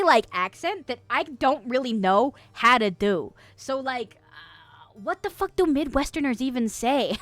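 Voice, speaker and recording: A woman's voice: on the high side, fairly bright tone, no room sound. A woman streamer chatting casually with her viewers, giggly and rambling, swearing freely and full of fillers. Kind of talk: casual livestream chat. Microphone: streaming mic.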